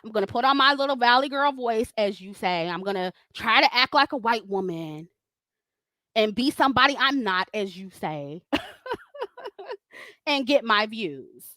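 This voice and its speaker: A woman's voice: fairly high pitch, big pitch swings, measured pace, pushed and bright, dry recording, clean studio sound. A woman hosting a livestream, ranting at critics in a confrontational, profane way, laughing often as she reads super chats.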